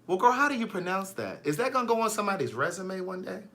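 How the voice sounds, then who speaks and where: Male vlogger, sassy and animated, bright voice, pitch swings widely. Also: fast talker. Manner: sassy, animated, reads viewer comments aloud. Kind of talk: live-stream chat.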